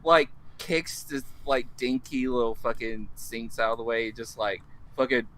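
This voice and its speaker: A man's voice: mid-range voice, fairly even intonation, measured pace, fairly bright tone, low-quality recording. A man playing a tabletop role-playing game, describing his character's actions casually, swearing and laughing often. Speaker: tabletop player.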